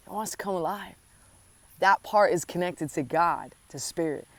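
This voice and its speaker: A woman's voice: on the low side, normal speed, no echo. Earnest woman giving a spiritual pep talk. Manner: earnest, affectionate, addresses listener directly; repeats phrases for emphasis. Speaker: spiritual coach.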